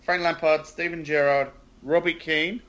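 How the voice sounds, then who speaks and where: Loud-mouthed aussie bloke ranting about football, cursing, bit high-pitched. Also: male voice, a little slow, dull audio. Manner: blunt and excitable, heavy swearing. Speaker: podcast co-host. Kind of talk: casual sports chat.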